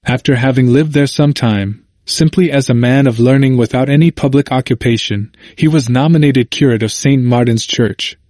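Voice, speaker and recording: A man reading a history book aloud as scripted narration, measured and steady, lifting his voice for quoted speech. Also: mid-range voice, no room sound, clean studio sound. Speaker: audiobook narrator.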